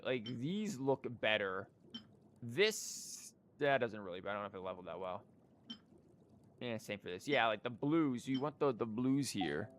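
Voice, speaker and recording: A man's voice: mid-range voice, fairly bright tone, slight background noise. A man streaming a game, talking casually and candidly with lots of fillers and rambling asides. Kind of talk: casual gaming commentary.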